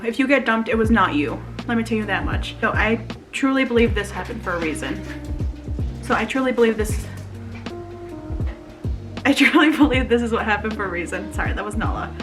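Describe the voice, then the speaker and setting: A woman in her twenties chatting in a confessional vlog, emotional and laughing nervously as she reads her old journal aloud. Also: on the high side. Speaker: vlogger.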